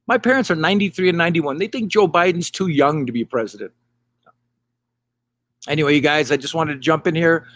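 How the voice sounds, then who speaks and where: Rambling middle-aged stand-up comedian. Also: male voice, fairly high pitch, no room sound, studio quality. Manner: rambling, loose delivery with deadpan punchlines. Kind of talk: casual stand-up monologue to camera. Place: hot tub. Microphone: camera mic.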